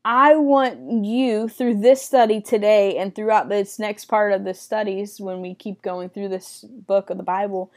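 A young woman teaching a casual Bible study in a chatty way, acting out quotes with excited squeals. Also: mid-range voice, unhurried, hardly any pauses.

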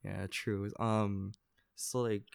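A young man chatting casually as a podcast guest, animated and slangy with lots of fillers. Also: lowish voice, slow, creaky, clear, resonant tone, dry recording, studio quality. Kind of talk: casual chat.

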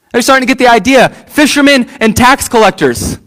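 A pastor preaching a sermon, using repeated phrases and asking the congregation questions. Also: male voice, extremely high pitch, brisk, fairly bright tone.

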